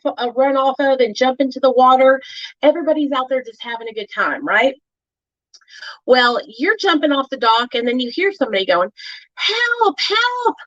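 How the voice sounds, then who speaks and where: A bright, forceful woman's voice, talking loosely to her livestream viewers and leaning on fillers as she goes. The sound is dry and a little dull, with a lo-fi feel close to the mic. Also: on the high side, no room sound. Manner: chatty, addresses viewers, many fillers. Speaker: livestream host. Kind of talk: casual livestream chat.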